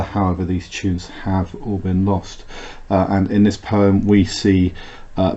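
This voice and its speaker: A man's voice: deep voice, gravelly, warm tone, muffled recording. A man teaching English literature in a recorded lecture, explaining a poem with many "uh" fillers and restarts.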